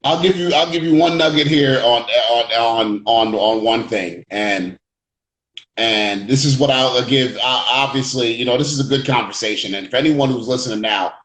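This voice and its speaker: A man's voice: medium pitch, moderate pace, fairly bright tone. A man hosting a casual interview, talking reflectively and repeating words as he builds up to a point. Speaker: host. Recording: echoey room.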